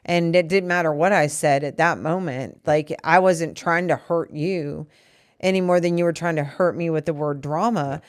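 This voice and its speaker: A woman's voice: low voice, moderate pace, dry recording, clean studio sound. A woman co-hosting a podcast, talking earnestly and at length with her partner about a disagreement. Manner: earnest, explaining at length with restarts. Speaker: podcast co-host. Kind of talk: candid couple conversation.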